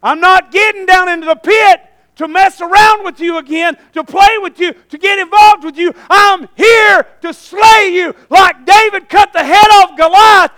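A fearless ancient warrior bellows his defiance, slow and loud, put on by a man in the middle of a sermon. The voice sits very high and sounds bright and forceful, with a dry, close sound. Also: no echo. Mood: defiant. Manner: shouting, drawn-out defiant declarations. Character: bold male warrior taunting a lion.

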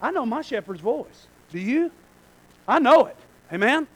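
A male pastor preaching a sermon in a church, swinging between shouted lines and quiet asides. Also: very high voice, sing-song, a little slow, low-quality recording.

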